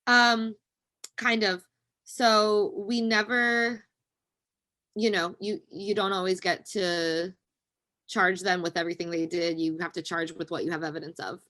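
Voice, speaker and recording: A woman's voice: on the low side, little pitch movement, a little slow, sharp tone. A woman in her twenties, a podcast guest speaking candidly and chattily about her own experiences. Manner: candid, chatty, sharing personal story. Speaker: interview guest. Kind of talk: interview conversation.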